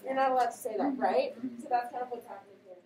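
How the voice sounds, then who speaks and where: High-voiced teacher in an echoey classroom. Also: female voice, fast. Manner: animated, questioning students. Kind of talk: classroom read-aloud and discussion. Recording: echoey classroom, voice from a distance, faint background noise.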